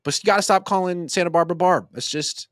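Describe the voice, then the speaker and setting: A man's voice: high-pitched, fast talker, fairly bright tone, dry recording, studio quality. A man in his thirties giving casual sports commentary as a rambling, joking storyteller. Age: 30s.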